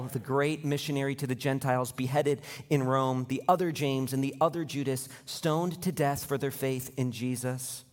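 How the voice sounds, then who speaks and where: A man preaching a sermon to his church, building to an impassioned, near-shouting pitch as he retells scenes. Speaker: pastor. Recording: long hall reverb.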